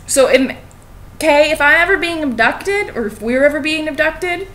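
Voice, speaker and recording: A woman's voice: sits high, lively intonation, normal speed, fairly bright tone. A young woman, a college student, casually reading a fairy tale aloud with sarcastic, profane asides. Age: young adult.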